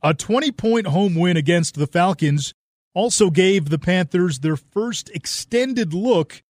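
A man's voice: high-pitched, dry recording, studio quality. Man narrating a sports documentary. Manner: measured, even storytelling delivery. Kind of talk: scripted narration.

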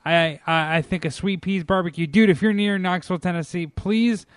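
A man's voice: high-pitched, steady tone, moderate pace, clean tone, dry recording, studio quality. A man co-hosting a podcast, teasing his partner with crude jokes. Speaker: podcast co-host. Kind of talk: casual chat.

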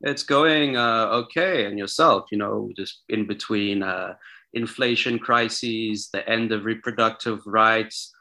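A man's voice: fairly low pitch, a little slow, bright, forceful tone. A man from South Africa, a history scholar, giving sardonic, long run-on answers as a podcast guest over a remote call. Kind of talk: casual interview.

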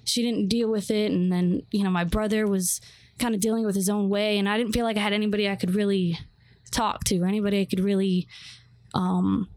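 A woman's voice: medium pitch, flat delivery, a little fast, darkish tone, dry recording. A young adult woman telling her life story as a guest, rambling with many fillers and restarts. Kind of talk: personal testimony interview.

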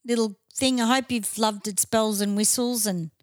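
A woman's voice: fairly high pitch, fairly even intonation, normal speed, dry recording, studio quality. An Australian woman co-hosting a podcast in casual chat, tipsy, crude and swearing freely, recorded in a band room. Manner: crude, heavy swearing, laughs easily. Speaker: podcast co-host.

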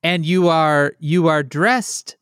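A man's voice: a little high, takes it slowly, fairly bright tone, clear, resonant tone, dry recording. A man co-hosting a podcast in casual chat, teasing his co-host drily. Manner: dry teasing.

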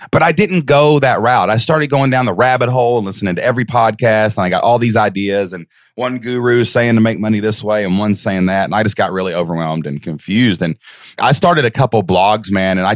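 A man with a fairly low voice tells his story as a podcast guest, with excited, animated delivery that leaps high whenever he acts out a moment. The sound is close and dry, with no room around it. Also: no room sound. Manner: excited, fast storytelling with jumps in pitch.

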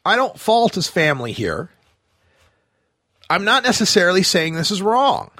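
Lively, bright-voiced male radio host. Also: sits high, moderate pace, no room sound, studio quality. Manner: animated, sarcastic, thinking aloud with fillers. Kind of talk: opinionated talk radio monologue.

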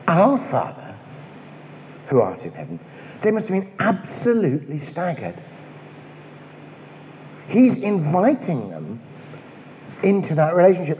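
A man gives a relaxed, chatty talk on prayer, his voice mellow and warm. His pitch rises and falls freely as he wanders into asides and rhetorical questions. The sound carries a long reverb, as if from a large hall. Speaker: priest giving a talk.

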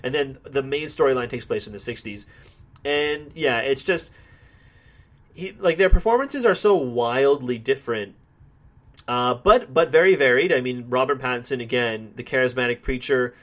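A man's voice: medium pitch, normal speed. Give me a man rambling casually through a film review, laughing at himself. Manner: rambling, self-deprecating, laughs often. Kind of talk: casual spoken movie review. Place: Toronto, Canada.

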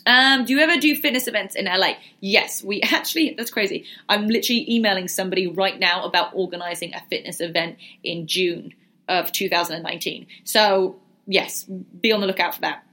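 A young woman who vlogs about fitness and business chats casually while answering viewer questions in a livestream Q&A. Her medium-pitched voice is brisk, with a sharp tone.

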